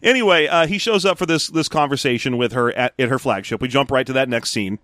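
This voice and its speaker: A man's voice: medium pitch, fast talker, a bit bright, dry recording, clean studio sound. A man co-hosting a podcast, chatting casually and joking with frequent laughs and small restarts. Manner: joking, laughs often, slight stammering restarts. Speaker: podcast co-host. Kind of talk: casual chat recapping a novel.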